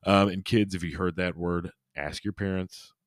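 A man with a low voice hosts a paranormal podcast, retelling a strange story in a goofy, irreverent way. He rambles into jokes and asides. The sound is dry and close to the mic. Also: steady tone, moderate pace, dry recording. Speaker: podcast host.

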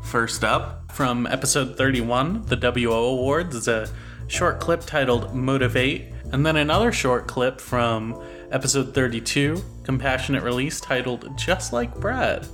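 A man's voice: mid-range voice, animated, measured pace, fairly bright tone. Man introducing a show over guitar. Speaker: show host. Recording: guitar music behind.

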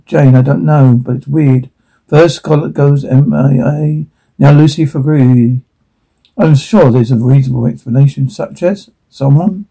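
A man's voice: medium pitch, unhurried, creaky, dark tone, breathy edge. A man reading a TV episode transcript aloud, voicing every part in a plain read and speaking the stage directions, stumbling now and then over words. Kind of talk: reading a script aloud, all parts.

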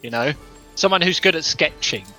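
A man in a tabletop game, explaining a plan haltingly. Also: fairly high pitch, lively intonation, pushed and bright, soft background music. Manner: halting, searching for words. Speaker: player. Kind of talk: casual tabletop play.

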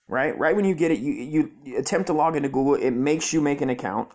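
A man's voice: fairly high pitch, fairly quick, darkish tone. Profane, frustrated man ranting on a podcast. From Southern California. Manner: profane, frustrated, muttering asides. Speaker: podcast host. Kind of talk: rambling solo podcast rant.

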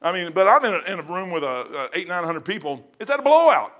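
A man preaching a testimony sermon, telling his story in an animated way with sudden loud bursts and some stammering. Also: sits high, fast.

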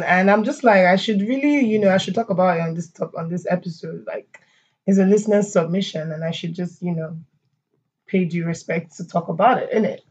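A woman's voice: on the low side, darkish tone, breathy edge, highs cut off. A woman hosting her own podcast, chatting casually with her listeners. She laughs often and uses a lot of fillers and asides. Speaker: podcast host. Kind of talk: casual solo podcast chat.

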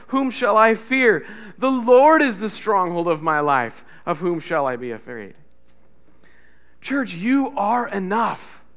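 A man preaching a sermon as pastor, swinging between loud emphatic repetition and soft hushed lines, and leading the congregation in call-and-response. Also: high-pitched, clear, resonant tone. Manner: builds to loud emphatic repetition, drops to soft near-whispers.

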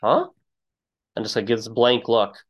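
A man hosting a casual podcast interview at an ordinary middle pitch. He tells stories in a loose, meandering way and acts out quoted lines with big leaps in pitch. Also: a little fast, dull audio. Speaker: podcast host.

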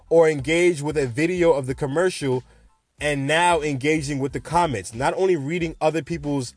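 A young man in his twenties rants on his podcast, rambling and joking with a sarcastic edge. His voice sits a little high for a man. The sound is close and dry, with faint music underneath. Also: dry recording. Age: 20s. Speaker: podcast host. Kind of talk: casual podcast rant.

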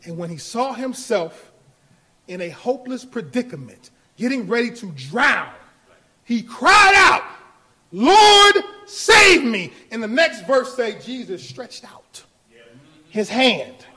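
High-voiced preacher guy, slow and bright, swings loud to soft, church sermon. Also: very animated, slightly rough. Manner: preaching with rising shouts and laughs. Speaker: pastor.

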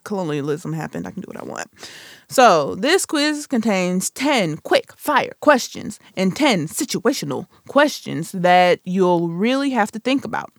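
A woman's voice: fairly low pitch, very animated, unhurried, creaky, no room sound, clean studio sound. A woman in her twenties hosting a solo podcast, chatting casually and playfully with self-mocking asides. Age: 20s. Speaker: podcast host.

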